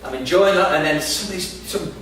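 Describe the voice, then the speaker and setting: A man's voice: a little high, fast, fairly bright tone. A man giving a sermon, telling a humorous, self-deprecating story to an audience in a large hall. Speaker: preacher. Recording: echoey hall, distant mic, background noise.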